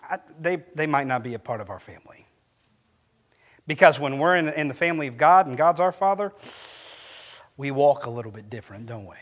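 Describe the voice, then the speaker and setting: High-voiced animated male preacher. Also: quick pace. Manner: animated storytelling, voice rising for quoted lines. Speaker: pastor. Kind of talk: sermon.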